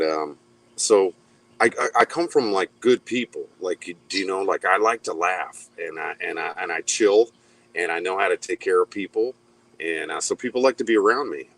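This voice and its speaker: A laid-back man with a very low voice, chatting as a guest on a live stream. He rambles easily and stumbles into restarts, taking his time to find the words. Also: creaky, a bit bright, low-quality recording. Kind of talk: casual live-stream chat.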